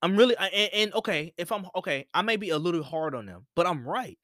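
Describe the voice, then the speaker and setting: Guy doing a solo sports podcast, opinionated, keeps circling back to his point, bright voice, dry close sound. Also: high voice, animated, quick pace, no echo. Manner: opinionated, repeats himself for emphasis. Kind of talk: casual solo sports talk.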